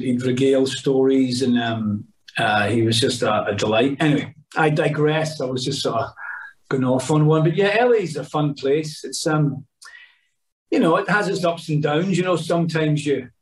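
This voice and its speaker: Scottish male actor, middle-aged, chatty anecdote teller, higher register, off-mic. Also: normal speed. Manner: rambling storyteller, many restarts and asides. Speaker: actor guest. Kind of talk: casual podcast anecdotes. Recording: voice a bit distant from mic.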